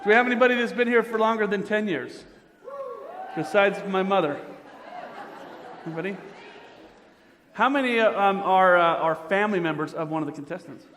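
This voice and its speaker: A man emceeing a pageant, joking playfully and quizzing the audience as he warms up the crowd. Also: sits high, brisk, long pauses. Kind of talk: crowd warm-up banter. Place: large indoor auditorium. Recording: reverberant hall with crowd noise.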